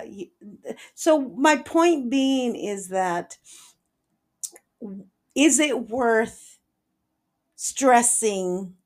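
A woman's voice: mid-range voice, creaky. A woman in her forties hosting a solo podcast, talking in an earnest, personal way and slipping Spanish phrases into her talk. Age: 40s. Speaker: podcast host. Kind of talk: reflective solo podcast monologue.

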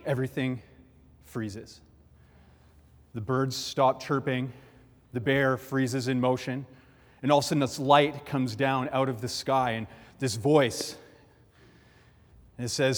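A man preaching a sermon, telling a story with lively, animated delivery in a church hall. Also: a little high, normal speed. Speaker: pastor. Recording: long hall reverb.

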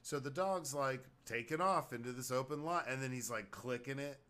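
A man co-hosting a podcast, telling a story in animated, profane casual chat. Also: medium pitch, normal speed. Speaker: podcast co-host.

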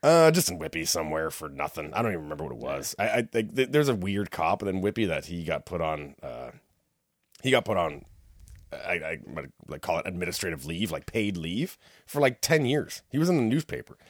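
Deep-voiced man telling a rowdy story. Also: fairly quick, no room sound, clean studio sound. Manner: animated storyteller who acts out the people in his tale. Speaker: podcast co-host. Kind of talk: casual storytelling chat.

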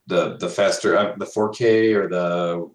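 A man's voice: low voice, fairly even intonation, measured pace, echoey room. A man co-hosting a casual tech podcast, unsure of himself and often trailing off in the middle of a thought. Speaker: podcast co-host.

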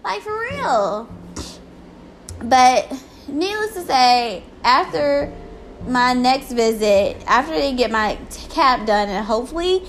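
A woman's voice: high voice, animated, slow, slight background noise. A woman ranting in a casual vlog, exasperated and full of swearing.

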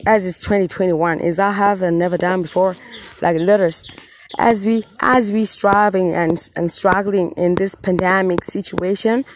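A solemn, tender God addressing his children, as a woman channels him in her own lowish voice. The delivery is earnest and halting, looping back on its phrases. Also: darkish tone, a little hiss or hum. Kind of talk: channelled message, spoken as God.

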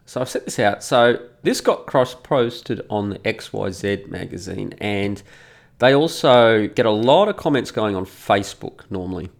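Man, middle-aged, gravelly, emphatic and indignant solo talk. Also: on the low side, lively intonation, measured pace. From Australia. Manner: indignant, emphatic, repeats words for effect. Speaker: commentator. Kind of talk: casual monologue reading comments.

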